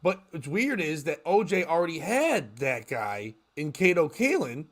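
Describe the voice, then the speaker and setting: A man's voice: a little high, big pitch swings, a little slow. A man hosting a live morning talk stream, chatting loosely and laughing as he jokes. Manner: loose and joking, often laughing. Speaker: podcast host. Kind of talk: casual live-stream chat.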